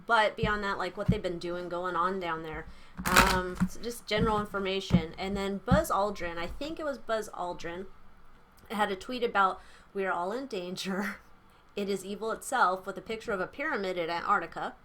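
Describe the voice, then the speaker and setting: Casting: young woman, tarot vlogger, rambling chatty delivery, mid pitch, faint hiss behind her. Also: normal speed, pushed and bright. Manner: chatty, rambling, giggly asides. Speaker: tarot reader. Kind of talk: casual tarot reading vlog. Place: small room at home. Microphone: camera mic.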